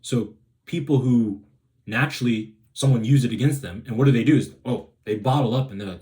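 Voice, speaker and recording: This self-help host talks a little fast, his mid-range voice dark in tone. It's a rambling, casual advice monologue where he restarts sentences and keeps asking "right?".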